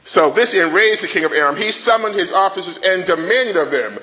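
Bright-voiced male preacher. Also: high-pitched, brisk, hardly any pauses, rough recording. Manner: animated, call-and-response with the congregation; dramatizes the king's rant in a rising voice. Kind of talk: sermon.

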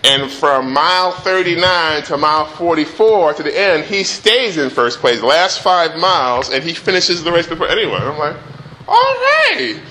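A middle-aged father telling a personal anecdote in a relaxed, animated way, acting out the voices. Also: on the high side, moderate pace, few pauses. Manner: animated, acts out the voices in his story. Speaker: storyteller.

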